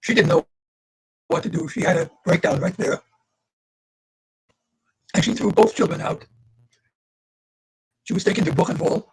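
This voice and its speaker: A man's voice: high-pitched, big pitch swings, normal speed, gravelly, pauses often, slightly rough, low-quality recording. A man in his eighties, a survivor giving an earnest livestreamed talk to students over a video call and speaking straight to his listeners. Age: 80s. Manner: earnest, addresses listeners directly.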